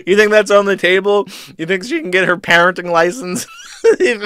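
A man's voice: high-pitched, measured pace, sharp tone, clear, resonant tone, no echo, clean studio sound. A man hosting a stream, reading posts aloud and mocking them with sarcastic, profane commentary. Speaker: streamer host.

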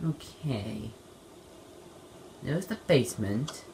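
A young woman giving playful let's play commentary on a game, shouting in bursts and slipping into silly voices. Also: rumbling low, animated, drawn-out words, creaky, background noise. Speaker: gamer playing a horror game.

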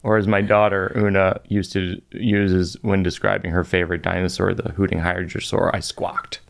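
A middle-aged man hosts a podcast and tells a comic story about himself, dry and self-mocking. His voice sits low with a gravelly fry at the ends of phrases. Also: little pitch movement, moderate pace. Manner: dry, self-mocking delivery with playful asides. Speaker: podcast host and comedian.

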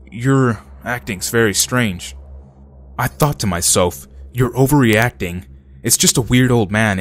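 A man narrating scary true stories in a steady, low-key way.

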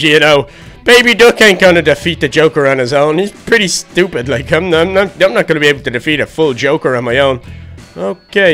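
A man's voice: fairly high pitch, sharp tone. A man voicing a jumpy Irish duck hero. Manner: jumpy, exclamatory, talks to himself. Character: excitable, silly young male duck hero. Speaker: video creator. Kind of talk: Minecraft adventure role-play.

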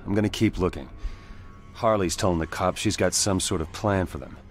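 An actor playing a calm, determined young male hero in a video game, speaking in a steady, clipped way. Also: low-pitched, fairly quick, lightly acted. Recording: game audio under music.

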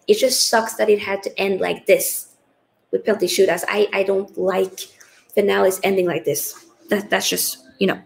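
A woman's voice: medium pitch, vocal fry, rough recording. A woman hosting a live football watchalong, chatting casually and reading out viewer comments, tired after a long stream. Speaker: livestream host.

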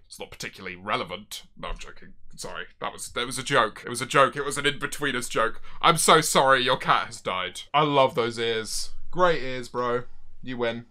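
Man in his 20s, streamer, bright forceful tone, casual jokey rambling. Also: mid-range voice. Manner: joking, rambling, self-mocking. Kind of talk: casual reaction commentary. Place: office.

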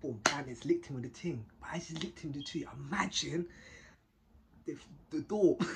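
A young man telling a story to camera in a casual, animated, slang-heavy way, often tagging lines with short questions. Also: a little high, normal speed, slight background noise. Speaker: vlogger telling a prison story.

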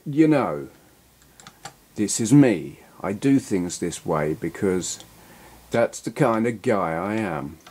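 Male gamer, unhurried, lively pitch, jokey self-mocking commentary, soft music behind. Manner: self-deprecating, rambling, jokey. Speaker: retro gaming YouTuber. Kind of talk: casual gameplay commentary.

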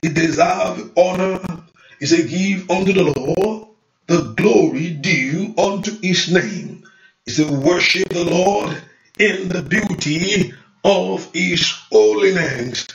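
A middle-aged man preaches a fervent sermon, his voice sitting a bit high with a gravelly rasp. He stretches out prayer and praise lines and breaks into speaking in tongues. The sound carries the echo of a roomy church with a faint noise underneath. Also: slow pace, highs cut off. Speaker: pastor. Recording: echoey room, faint noise.

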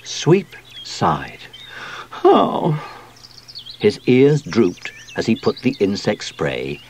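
A man reading a children's picture book aloud, unhurried and very expressive. His pitch swings widely from line to line, with faint outdoor and birdsong ambience behind him. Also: noisy background. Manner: slow, expressive read-aloud. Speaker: audiobook narrator.

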